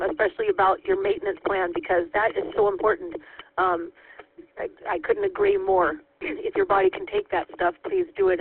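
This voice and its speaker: A woman's voice: extremely high pitch, gravelly. A woman checking in on a radio net, speaking in an enthusiastic, emphatic way. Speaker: net participant. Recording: tinny, broken-up radio.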